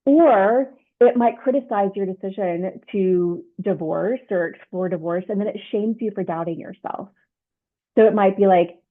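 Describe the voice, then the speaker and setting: A woman coach walks listeners through a self-help lesson in a patient, explanatory way, tossing in "right?" to check they follow. Her voice sits at an ordinary middle pitch for a woman. The sound is thin and tinny, like it's coming through a phone line. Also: expressive, normal speed. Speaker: leadership coach. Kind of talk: instructional self-help talk.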